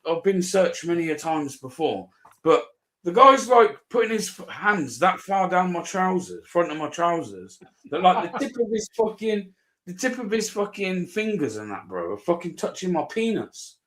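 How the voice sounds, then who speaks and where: British bloke ranting on a live stream, swears loads, animated, roomy echo. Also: male voice, high-pitched, normal speed. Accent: British English. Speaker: auditor streamer. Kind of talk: casual live chat.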